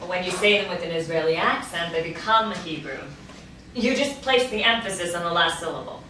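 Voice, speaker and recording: Forties woman, calm teacher, bright edge to the voice; a woman plays it on a roomy, far-off video-call line with faint hiss. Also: on the low side, a little fast. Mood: instructive. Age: 40s. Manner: calm and instructive. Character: patient woman Hebrew teacher. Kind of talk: virtual play reading. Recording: echoey, distant video-call audio with faint noise.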